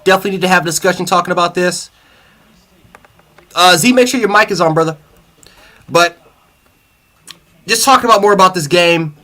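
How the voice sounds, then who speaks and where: A man hosts a sports livestream, furious after a loss and swearing through his rant. He stumbles over and repeats his words. His voice sits high with a bright, sharp edge. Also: brisk, long pauses. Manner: angry, profane, repeats himself. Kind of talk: heated fan reaction rant.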